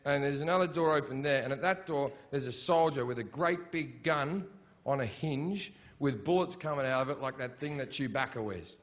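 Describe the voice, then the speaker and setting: A middle-aged man telling a crude war story as a stand-up comedian, breaking into shouted punchlines. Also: medium pitch, normal speed, a little hiss or hum. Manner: crude, shouty punchlines with sudden yelled quotes. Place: comedy stage before a laughing audience.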